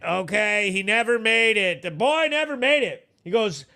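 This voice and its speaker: A man with a New England accent hosting a live stream, ranting loudly and profanely, mocking people and acting out what they said. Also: high-pitched, animated, a little slow, hardly any pauses, soft background music. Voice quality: loud, profane, mocking and theatrical. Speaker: livestream host.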